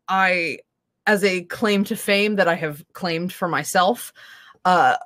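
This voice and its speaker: A woman's voice: medium pitch, a bit bright. A woman co-hosting a casual tabletop gaming stream, talking reflectively with lots of fillers. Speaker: co-host, dungeon master. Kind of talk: casual chat.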